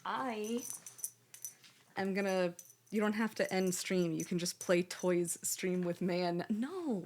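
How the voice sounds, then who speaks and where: A woman's voice: medium pitch, slow, a little mellow. A young woman streamer chatting casually with her viewers and cooing baby-talk at her cat.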